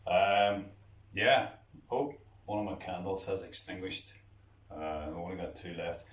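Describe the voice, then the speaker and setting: Sex: man. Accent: Northern Irish. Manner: dry, wry, unhurried. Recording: echoey bathroom, mic at a distance, loud guitar behind. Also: steady tone. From Belfast, Northern Ireland. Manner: dry, wry, low-key humour. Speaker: musician. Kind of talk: casual spoken intro to a home video. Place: his bathroom at home.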